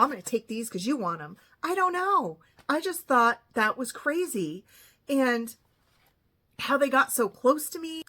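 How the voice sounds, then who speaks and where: Brief: woman in her fifties, casual storytelling vlogger, exasperated, higher voice. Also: a bit bright. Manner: chatty, exasperated, rambling.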